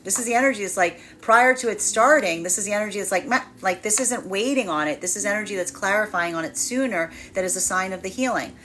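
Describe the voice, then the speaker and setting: A woman's voice: mid-range voice, fairly bright tone, a little hiss or hum. A woman tarot reader giving a livestreamed collective reading, speaking in flowing, repetitive, emphatic phrases.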